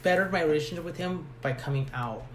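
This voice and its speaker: A young man talking casually on a podcast, telling a personal story in an animated way and acting out the voices of others. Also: fairly high pitch, quick pace, reverberant, a little hiss or hum. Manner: animated, acts out quoted voices.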